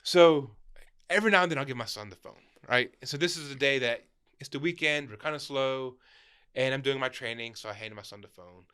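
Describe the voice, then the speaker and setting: A young man who owns a shop, telling stories in a casual chat, animated and laughing, tagging his sentences with "right?". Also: medium pitch, a little fast, clean tone. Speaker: store owner, podcast guest.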